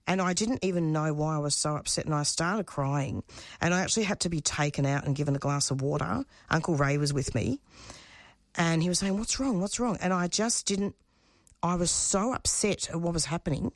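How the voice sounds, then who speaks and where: Low-voiced woman speaking frankly as guest. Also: no echo, studio quality. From Australia. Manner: halting, repeats words, emotional and frank. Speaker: radio show producer and host. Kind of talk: interview guest, candid conversation.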